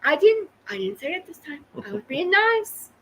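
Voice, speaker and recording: A woman's voice: very high-pitched, very animated, moderate pace, a bit bright, lo-fi sound, a little hiss or hum. A woman from Oklahoma co-hosting a casual live podcast, teasing and laughing often. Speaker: podcast co-host.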